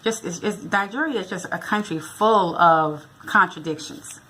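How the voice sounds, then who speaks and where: Telling a funny story in her vlog, a middle-aged woman from the United States acts out each line of dialogue in a chatty way. Her fairly low voice is bright and forceful, and she speaks at a normal speed.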